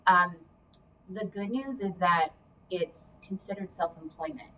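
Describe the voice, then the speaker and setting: A woman talks through career advice in a chatty, explanatory way, now and then adding a hedging aside. Her voice sits a bit low. She sounds a little distant from the mic, with faint noise behind her. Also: measured pace, sharp tone. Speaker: career coach guest. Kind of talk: casual advice chat.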